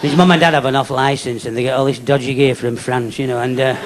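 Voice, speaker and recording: A man with a Yorkshire accent doing a deadpan stand-up comedy routine with chatty asides to a live audience. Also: mid-range voice, fast. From Yorkshire, England. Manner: deadpan delivery with chatty asides and tag questions. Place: live venue with laughing audience. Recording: live club recording with crowd laughter and noise.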